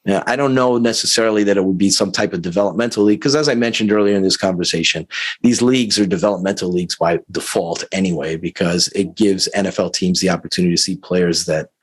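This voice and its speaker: A man's voice: low-pitched, fast, husky, dry recording. A man, a sports league insider, talking casually on a call, thoughtful and hedging with many fillers. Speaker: guest football league insider.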